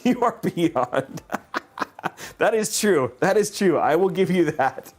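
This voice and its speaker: A man's voice: sits high, lively intonation, a little slow. A man hosting a livestream, chatting casually in a rambling, joking way and laughing often. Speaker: livestream host.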